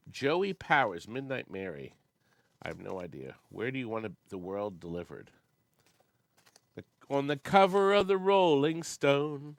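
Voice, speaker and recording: A man's voice: on the low side, creaky, a bit bright, dry recording. A man in his sixties hosting a casual chat, reading old record labels aloud and humming bits of songs. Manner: chatty, reads labels aloud and hums snatches of songs. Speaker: host of an amusement sales company show.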